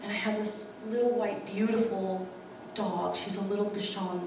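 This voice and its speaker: A woman's voice: medium pitch, fairly even intonation, normal speed, background noise. A woman telling a personal story with earnest emotion, acting out the dialogue she recounts. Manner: earnest, acts out quoted dialogue. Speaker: speaker sharing her testimony. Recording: echoey room, distant mic.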